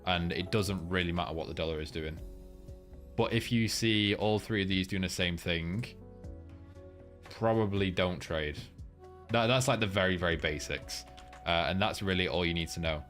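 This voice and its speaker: A man's voice: low voice, normal speed, fairly bright tone, soft background music. A young man hosting a casual live market breakdown, rambling loosely, swearing freely and filling gaps with ums while he reads chat. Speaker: trading livestream host.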